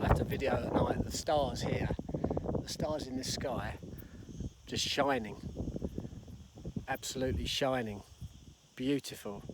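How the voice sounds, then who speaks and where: A middle-aged man from England telling a rambling story to camera, laughing and acting out the voices of the people in it. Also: mid-range voice. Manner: rambling, laughing, acts out quotes. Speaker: vlogger. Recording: loud background noise outdoors.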